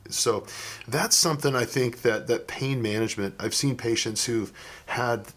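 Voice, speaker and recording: A man's voice: mid-range voice, moderate pace, fairly bright tone. A man talking as an ER physician co-hosting a podcast, rambling and restarting his sentences often in casual conversation.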